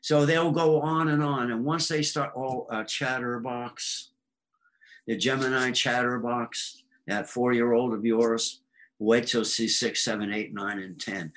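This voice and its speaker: A man's voice: medium pitch, steady tone, measured pace, a bit bright, low-quality recording. Rambling man explaining astrology. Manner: rambling, fills with um and uh, plays voices in stories. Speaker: astrologer guest. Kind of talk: casual explanatory conversation.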